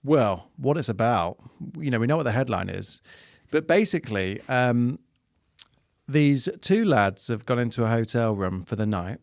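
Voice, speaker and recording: A man's voice: mid-range voice, expressive, normal speed, no echo. A man chatting as a podcast guest, his voice swinging up and down as he rambles through a story. He slips into little acted-out quotes of the people involved. The sound is close and dry. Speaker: guest comedian. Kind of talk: casual podcast chat.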